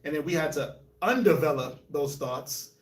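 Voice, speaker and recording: A man from New York, Colorado and Jamaica, hosting a casual group discussion, telling animated stories with laughs. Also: on the high side, normal speed. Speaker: host. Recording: echoey room, mic at a distance.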